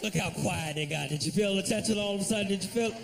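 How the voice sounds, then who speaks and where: A man's voice: sits high, quick pace, vocal fry, slight background noise. A man doing a stand-up comedy set, brash and profane as he tells his stories.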